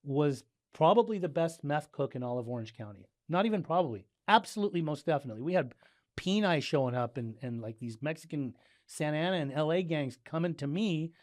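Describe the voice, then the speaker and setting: A middle-aged man from Southern California, a guest in a casual interview, telling his story with animated delivery and acting out the dialogue. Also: a little high, brisk, no echo, clean studio sound. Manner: animated, acts out dialogue, frequent "like" and restarts.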